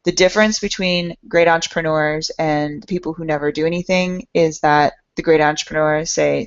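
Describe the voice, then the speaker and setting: A woman's voice: low-pitched, fairly even intonation, moderate pace, hardly any pauses, clean tone. A woman hosting a podcast, giving an earnest, encouraging motivational talk straight to her listeners. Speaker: podcast host. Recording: dull lo-fi sound.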